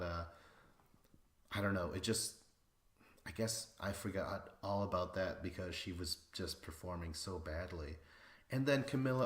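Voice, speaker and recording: Man, podcast host, casual rambling recap, excitable, swears freely, low voice. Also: echoey room.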